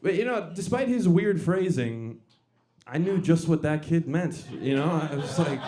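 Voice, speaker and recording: A young man doing a stand-up comedy set in a club, with a dry, halting delivery full of restarts and self-deprecating asides. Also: on the high side, expressive, dark tone, a little hiss or hum.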